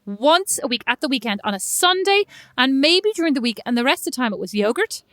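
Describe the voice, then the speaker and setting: A woman's voice: high voice, very animated, a little fast, a bit bright, no room sound, studio quality. A woman with an Irish accent imitating her older mother, defending the family's dessert habits. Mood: indignant.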